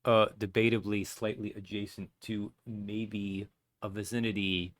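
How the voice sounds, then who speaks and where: A man's voice: lowish voice, flat delivery, a little slow. A man hosting a let's play, giving rambling, self-deprecating commentary between lines. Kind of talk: casual gameplay commentary.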